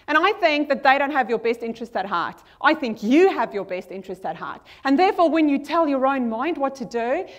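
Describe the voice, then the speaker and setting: A woman giving an energetic motivational talk at a conference, repeating key lines and leading the audience in reading a power statement aloud. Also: sits high. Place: conference hall with a screen.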